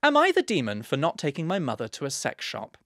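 A man's voice: on the high side, huge pitch swings, a little fast, fairly bright tone, dry recording, studio quality. A man co-hosting a podcast, chatting casually in a playful, teasing, mock-grand way. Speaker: podcast co-host.

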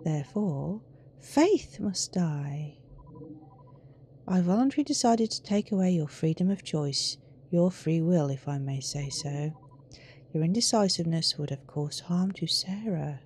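A woman's voice: deep voice, animated, measured pace, darkish tone, a little hiss or hum, voice pushed down. A woman reading as a smug phone assistant. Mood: cold.

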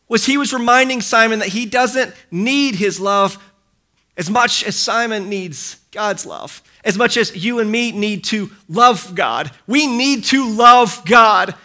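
A man's voice: very high voice, sharp tone. A man preaching a sermon in a church, passionate and repetitive, acting out quoted dialogue. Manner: impassioned, acts out quoted dialogue, repeats phrases for emphasis. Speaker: pastor. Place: church hall.

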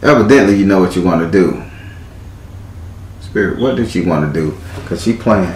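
Male tarot reader, low voice, playful and profane delivery, echoey room with faint background hum. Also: normal speed, darkish tone. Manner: theatrical, profane, teasing. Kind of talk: live tarot reading.

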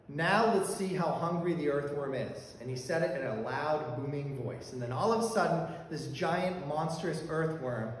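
A male pastor telling a personal story in a sermon, conversational, with fillers and restarts. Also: a little high. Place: church sanctuary. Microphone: handheld or stand mic that fell during talk. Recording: very echoey church hall, faint background noise.

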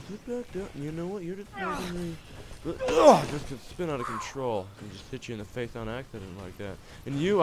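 A man's voice: on the high side, a little hiss or hum. A young man casually commenting on a video game as he plays, goofy and rambling, with yelps and silly voices. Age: young adult. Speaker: gamer, let's play host. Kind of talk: casual let's play commentary. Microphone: gaming headset.

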